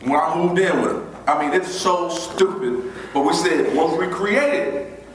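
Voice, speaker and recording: A man giving a motivational keynote, telling a personal story in a lively, conversational way with bursts of laughter. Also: fairly high pitch, a little slow, slight background noise. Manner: animated, breaks into laughter, imitates friends with quieter voice. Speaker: motivational speaker. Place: large hall before an audience. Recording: echoey hall, voice from far off.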